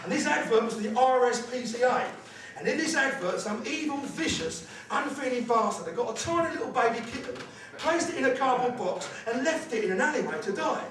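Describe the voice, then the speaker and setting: A man's voice: very high-pitched, expressive, a little fast, a little hiss or hum. A man doing a crude, sweary stand-up set, ranting through his punchlines. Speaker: stand-up comedian. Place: comedy club stage with live audience. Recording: echoey live club, far-off mic, loud crowd.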